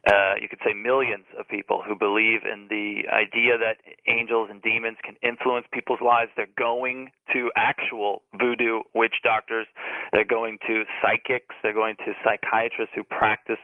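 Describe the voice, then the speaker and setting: A man's voice: fairly low pitch, level tone, dry recording. A man in Italy, a guest on a radio show, explaining things earnestly over the phone. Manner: earnest, explanatory, fast-paced. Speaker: author guest on a phone line. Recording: tinny phone line on radio.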